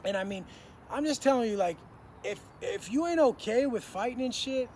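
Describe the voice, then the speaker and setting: A man's voice: very high-pitched, lively intonation, moderate pace, darkish tone, slight background noise. A man in his thirties telling prison stories in a blunt, profane, slang-heavy way. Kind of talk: casual storytelling to camera.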